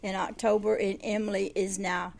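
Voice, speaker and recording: A woman's voice: mid-range voice, little pitch movement, moderate pace, creaky, darkish tone. An older woman guest chatting casually about her grandchildren. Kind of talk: casual chat.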